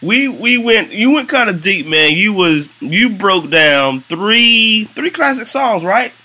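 A young adult man co-hosting a podcast in casual chat, laid-back and teasing, with halting phrasing. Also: high-pitched, very animated, pushed and bright. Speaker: podcast co-host.

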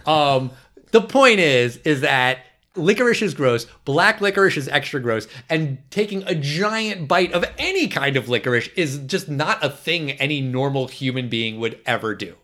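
Man, podcast host, casual movie chat, opinionated, lively. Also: fairly high pitch, normal speed.

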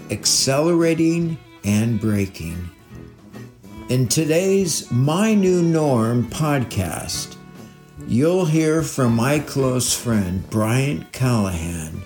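A male podcast host who speaks slowly and deliberately, with soft guitar music playing faintly behind him. His manner is upbeat and friendly, and he chuckles as he asks a friend questions. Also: mid-range voice. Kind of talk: casual interview.

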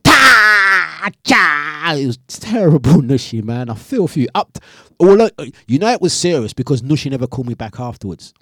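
A man hosting a breakfast radio show, telling stories in animated, slangy chat and laughing often. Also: mid-range voice, fast talker, hardly any pauses, slightly rough, no echo, studio quality. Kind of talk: casual live radio chat.

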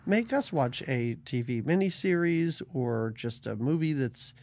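Brief: young adult man, casual co-host, chatty, quick to laugh, mid-range voice. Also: medium pitch, animated, a little mellow, no room sound. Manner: chatty, laughs often, jumps between topics. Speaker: podcast co-host. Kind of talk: casual film review chat.

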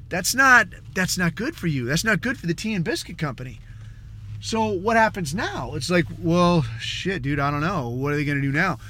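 A man hosting a podcast, ranting casually and rambling, with frequent swearing and "dude" tossed around. His voice sits fairly high and sounds bright and tense. He slips into mocking voices for others now and then. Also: lively intonation. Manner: acts out others in quick mocking asides. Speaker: podcast host. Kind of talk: casual political rant.

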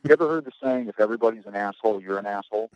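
A man's voice: lowish voice, racing, no echo, highs cut off. A man telling rambling, profane stories about his navy days in a casual podcast chat, often restarting his sentences. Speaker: guest, navy veteran.

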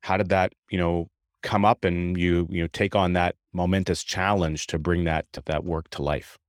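A man's voice: low voice, level tone, moderate pace, clear, resonant tone, no echo, studio quality. A man hosting a podcast, asking a long, chatty question and laughing easily. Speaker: podcast host. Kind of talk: conversational interview questions.

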